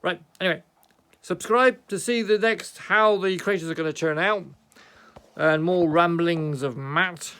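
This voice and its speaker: A man's voice: high voice, measured pace, sharp tone, clean tone. A British man vlogging about his painted miniatures in his home office, chatty and self-mocking, often muttering asides. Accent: British English. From Britain. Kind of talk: rambling casual show-and-tell.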